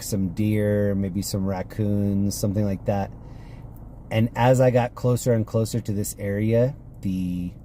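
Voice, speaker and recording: A man's voice: on the low side, poor audio. Chatty man vlogging from a car. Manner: rambling, chatty, full of filler likes. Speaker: livestream host. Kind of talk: casual driving vlog storytelling. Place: inside a moving car. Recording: steady car road noise.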